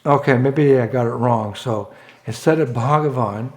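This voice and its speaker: A man voicing an eager, simple-minded male thief in a spoken story, talking bluntly and excitably. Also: mid-range voice, normal speed, close to an everyday voice. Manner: excitable, blunt, shouts when frustrated.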